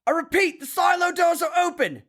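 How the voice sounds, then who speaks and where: A man's voice: very high voice, animated, brisk, pitched above the performer's own voice, full character voice. A man voicing a male soldier who frantically reports a nuclear missile launch. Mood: urgent alarm. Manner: urgent shouting radio report.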